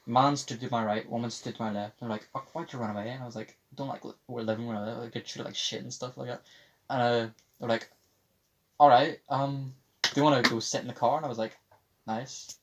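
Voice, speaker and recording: A casual podcast's young host talks fairly quickly in a steady, mid-range voice, telling a wandering story packed with swearing and impressions of whoever he's quoting. Faint background noise is present.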